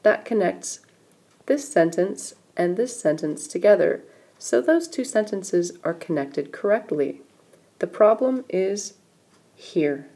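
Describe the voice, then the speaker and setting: A woman's voice: mid-range voice, expressive, takes it slowly, dark tone. A woman teaching a recorded grammar lesson, patiently explaining step by step while pointing at examples on screen. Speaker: English writing teacher.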